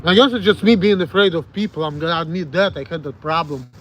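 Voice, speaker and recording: A man's voice: on the high side, a bit bright, slight background noise. A man in his late thirties with a Russian accent, rambling frankly and with plenty of swearing as he answers viewers on a livestream. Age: late 30s. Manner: rambling, frank, profane, halting self-corrections. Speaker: streamer.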